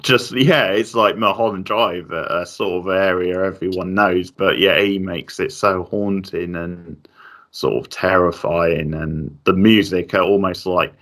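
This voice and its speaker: Deep-voiced man chatting about a film. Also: fairly even intonation, unhurried, a bit bright. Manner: hesitant, lots of fillers and restarts. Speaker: film reviewer. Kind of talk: casual film chat.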